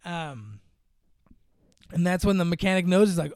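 A man's voice: high voice, expressive, moderate pace, darkish tone, dry recording, clean studio sound. A young man casually recapping a movie on a podcast, rambling with many fillers and acting out the characters' lines. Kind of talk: casual chat.

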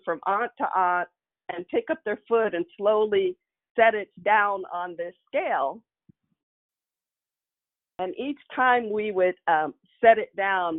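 A woman telling a personal childhood story with frequent chuckles, in a nostalgic way. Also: mid-range voice. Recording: tinny phone-like line.

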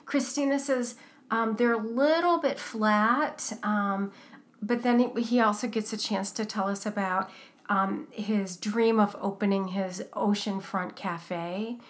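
A woman's voice: mid-range voice, slow pace. Chatty woman recapping with lots of ums. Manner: chatty, warm-hearted, with many fillers. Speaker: podcast co-host. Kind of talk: casual chat recapping a cooking show.

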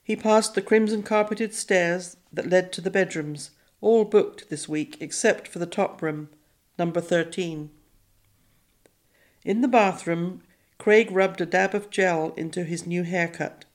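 A woman narrating a children's novel in a measured, even storytelling voice. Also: on the low side. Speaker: audiobook narrator. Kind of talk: scripted narration.

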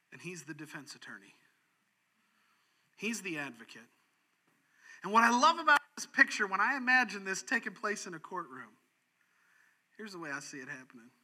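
Male pastor, high voice, animated sermon delivery with sharp dynamics. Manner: animated, swings from loud to hushed.

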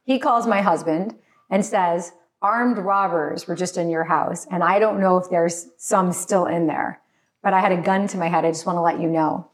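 A woman's voice: on the low side, steady tone, normal speed. A woman guest telling a frightening personal story in a podcast chat, emotional and apologetic, sometimes crying, with many restarts. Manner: tearful, apologetic, restarts often. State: crying at times.

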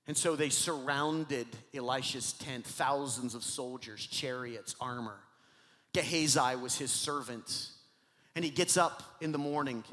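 A man's voice: medium pitch, normal speed, fairly bright tone, long reverb tail. A man preaching a sermon, retelling Bible stories with acted dialogue and calling out to the congregation for responses. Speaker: pastor.

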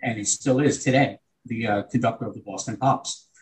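A man's voice: medium pitch, steady tone, a little fast, low-quality recording. An older man with a New York accent, a retired teacher telling a long, earnest anecdote in conversation. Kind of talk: conversational storytelling.

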